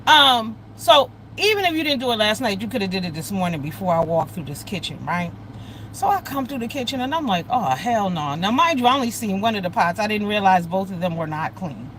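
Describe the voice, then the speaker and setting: A middle-aged woman hosts a casual livestream, telling heated stories bluntly and with heavy profanity while greeting viewers by name as they join. Her medium-pitched voice is very animated, brisk, and fairly bright. The audio is poor, with slight background noise.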